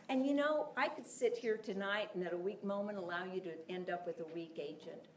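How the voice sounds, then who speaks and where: Before a live audience in a large room, a woman sales coach delivers a passionate, emphatic talk, acting out client conversations. Her mid-range voice is a little mellow, and she speaks a little fast with few pauses. The recording is echoey and distant, with a little hiss or hum.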